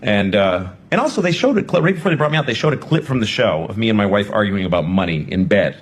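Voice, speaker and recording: A man's voice: on the low side, very animated, quick pace. A man telling a candid, profane story as a talk show guest, with many fillers. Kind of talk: casual storytelling.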